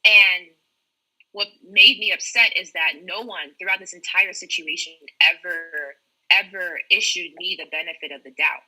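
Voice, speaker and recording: A woman medical student speaks on a casual podcast panel. Her voice sits low but sounds bright and edgy, with a breathy grain. She tells her story candidly and with strong feeling. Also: poor audio.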